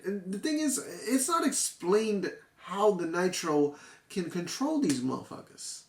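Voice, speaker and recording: A man's voice: sits high, measured pace, vocal fry, reverberant. A man reviewing a manga chapter in casual, profane talk, often restarting and getting worked up. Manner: excitable, profane, full of restarts and fillers.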